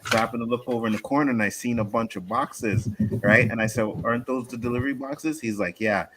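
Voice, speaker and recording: A man hosting a casual talk show, telling a story in an animated, profane way and acting out the people in it. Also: medium pitch, fast, background noise. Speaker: host. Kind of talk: casual chat.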